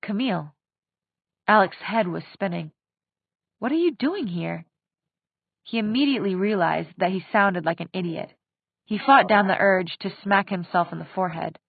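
A woman reading an audiobook in a steady, expressive narration. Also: medium pitch, a little fast, gravelly, no echo. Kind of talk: scripted narration. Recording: dry tinny phone-like sound.

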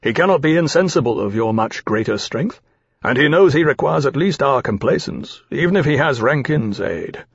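A grave, formal captain, as an audiobook narrator plays him, measured and dry in his speech. The husky voice sits on a dry, slightly dull recording. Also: medium pitch, lively intonation, no room sound. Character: grave male naval-minded aviator captain, dry and measured.

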